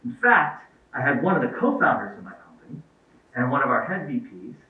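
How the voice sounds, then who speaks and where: A man's voice: medium pitch, very animated, a little fast. Distant man telling stories in an echoey hall. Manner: storytelling, acts out quoted dialogue. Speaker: guest speaker. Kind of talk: anecdotal talk to parents. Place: event hall. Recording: echoey, distant, phone-like lo-fi sound.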